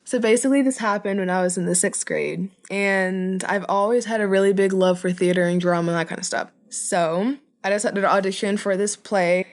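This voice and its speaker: A young woman tells a personal story in a chatty, animated voice. She laughs now and then as she goes, and her pitch sits in the middle range. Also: brisk, hardly any pauses.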